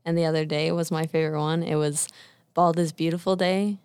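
A woman's voice: sits low, steady tone, fairly quick, a little mellow, smooth, no room sound. Cheerful young woman co-host. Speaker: student radio co-host. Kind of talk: casual podcast chat.

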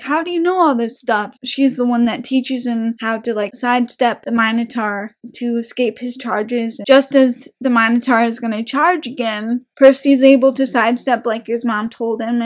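A woman hosting a book podcast, summarizing a chapter in a lively retelling and discussing it. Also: a little high. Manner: lively retelling, acting out quotes with bursts of energy.

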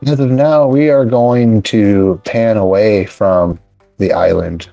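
A man narrating as game master of a tabletop game, unhurried with many pauses. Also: lowish voice, vocal fry, warm tone, no echo, soft background music, poor audio.

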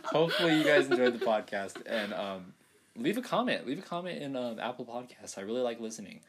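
A man's voice: medium pitch, animated, fast talker, a loud crowd. A young man hosting a casual podcast with his sisters. He talks in a rambling, playful way, with many fillers and laughs. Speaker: podcast host. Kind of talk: casual chat.

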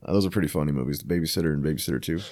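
A man's voice: extremely low pitch, rapid-fire, no echo, studio quality. A man co-hosting a podcast in casual chat, swearing freely and retelling stories with acted-out voices. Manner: profane, animated storytelling with acted-out voices. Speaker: podcast co-host.

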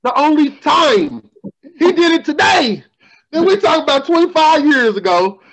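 A man hosting a podcast, telling profane stories in a casual, animated way. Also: very high-pitched, normal speed, poor audio. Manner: profane, animated storytelling, laughing. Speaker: podcast host. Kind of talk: casual storytelling chat.

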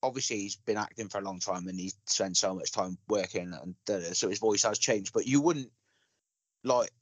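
A man's voice: fairly low pitch, moderate pace, dry recording. Guy ranting about films, swears a lot, pretty dry recording. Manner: blunt, sweary, animated storytelling. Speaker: podcast co-host. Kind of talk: casual film chat.

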